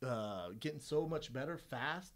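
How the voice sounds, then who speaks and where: A man's voice: medium pitch, unhurried. A man co-hosting a podcast, a former fighter telling stories in a casual chat, acting out what people said and swearing freely. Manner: animated storyteller who acts out quotes, profane.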